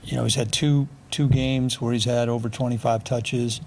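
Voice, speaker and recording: At a press conference, a middle-aged football offensive coordinator fields reporters' questions in a blunt, dry manner laced with sarcastic humor. His medium-pitched voice is level and a bit mellow, moving at a normal speed, with slight hiss or hum in the background.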